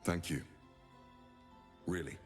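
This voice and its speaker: A man's voice: slow, soft background music, lightly acted. A man voicing an earnest, reassuring townsman in a video game. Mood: grateful. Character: grateful, reassuring male city-dweller in a video game.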